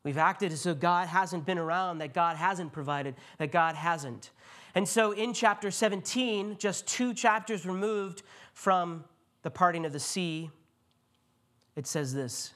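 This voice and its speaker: Male pastor, sermon, storytelling, slightly high voice, church. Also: measured pace. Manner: storytelling retelling with quiet voiced quotes.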